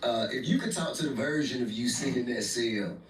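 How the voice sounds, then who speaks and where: A man hosting a casual interview, reacting with quick, lively remarks and laughter. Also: mid-range voice, a little hiss or hum. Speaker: interview host. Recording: echoey room, distant from mic.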